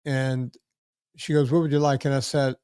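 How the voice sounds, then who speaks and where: A man's voice: medium pitch, flat delivery, normal speed, a little mellow, clean tone, dry recording. Blunt storytelling man, dry close sound. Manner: blunt, storytelling, repeats words when starting. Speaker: podcast host. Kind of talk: casual chat.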